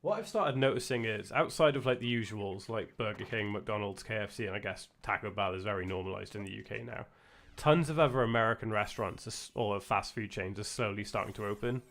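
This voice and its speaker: A man's voice: lowish voice, fairly quick, a bit bright, slight background noise. A young man with a British accent chatting casually while streaming a game, rambling with lots of restarts and self-corrections. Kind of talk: casual chat while gaming.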